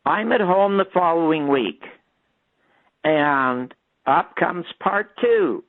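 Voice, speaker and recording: An older man, a radio guest, telling stories in an animated way and acting out the voices he quotes. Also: on the high side, slow pace, no room sound. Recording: tinny phone line.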